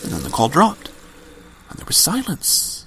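A man's voice: on the high side, huge pitch swings, normal speed, fairly bright tone, slight background noise. A man narrating a scripted horror story with dramatic, varied emphasis.

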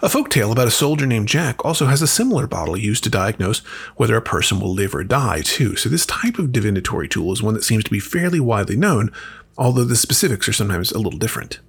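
A man hosting a podcast, delivering scripted narration as a measured, expressive reading. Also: fairly low pitch, creaky, husky. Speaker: podcast host.

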